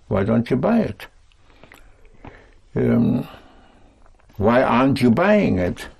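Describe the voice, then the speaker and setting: A man teaching a language lesson, speaking patiently and deliberately in short phrases. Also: medium pitch, very animated, gravelly, a little mellow, husky.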